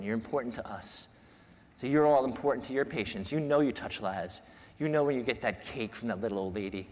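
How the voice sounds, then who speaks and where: A man giving an emotional conference talk, heartfelt and halting, often repeating words and restarting. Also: mid-range voice, slight background noise. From New York. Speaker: podiatrist giving a keynote talk. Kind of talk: emotional speech to a conference audience. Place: large conference hall. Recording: long hall reverb.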